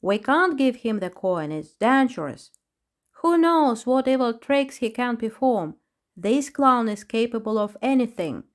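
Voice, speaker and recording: A woman voicing an excitable, talkative male parrot in a storybook, exclaiming brightly. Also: mid-range voice, a little slow, natural voice. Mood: excited. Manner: lively, exclaiming. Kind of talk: storybook reading.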